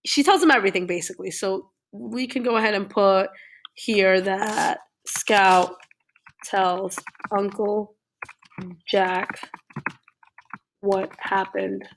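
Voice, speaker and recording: A woman teacher reviews a reading with her class, retelling the story in a relaxed, conversational way. She keeps checking in with her listeners, tagging her sentences with "okay?" and "all right?". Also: medium pitch, slow pace, long pauses.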